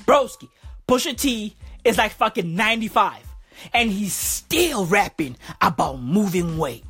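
A woman with a husky voice, doing a profane, slang-heavy comic rant. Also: medium pitch, unhurried, soft background music. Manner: profane, repetitive, animated slang. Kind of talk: comedic rant monologue.

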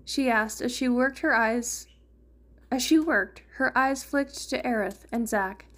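Woman, fan fiction reader, higher voice, gentle even narration. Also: measured pace. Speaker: fanfiction reader. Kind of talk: reading fan fiction aloud.

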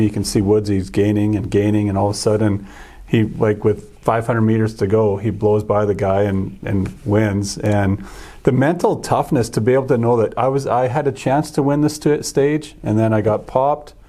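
A man hosting a podcast, chatting casually and retelling a sports moment with excitement. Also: on the low side. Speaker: podcast host. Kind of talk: casual chat.

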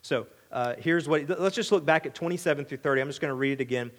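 A man's voice: on the high side, fast talker, in a large hall. A man preaching a sermon as pastor, talking in an emphatic, conversational way and often repeating words as he goes.

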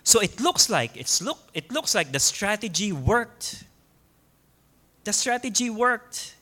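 A man with a Filipino accent preaching a sermon in a church, slow and emphatic, repeating key points and laughing softly now and then. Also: high voice, very animated. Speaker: pastor.

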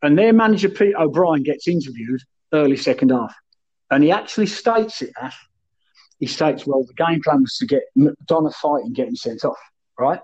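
A husky, fairly high-voiced man spins a boisterous, foul-mouthed yarn in casual chat. The sound is dull and muffled. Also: expressive, normal speed, a little mellow. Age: 30s then, now older. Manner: boisterous, sweary anecdotes, keeps addressing the host by name. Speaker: guest, former footballer.

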